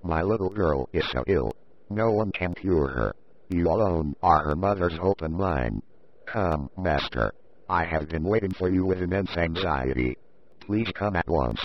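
A man's voice: low voice, lively intonation, unhurried, pitched below the performer's own voice. A man voicing a weeping, desperate father in his fifties pleading for his dying daughter, in an audiobook reading. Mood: pleading, tearful. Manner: sobbing, pleading. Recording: dull lo-fi recording.

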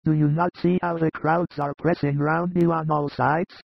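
A man's voice: fairly high pitch, little pitch movement, normal speed, gravelly, dry recording, pitched above the performer's own voice. A man voicing exasperated male disciples in an audiobook reading. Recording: dull lo-fi recording.

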